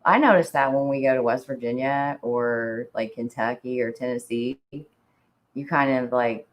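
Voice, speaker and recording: A woman's voice: extremely low pitch, moderate pace, low-quality recording. A woman chatting casually on a talk show, laughing often and filling her talk with "like". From Indiana. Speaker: podcast co-host. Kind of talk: casual chat.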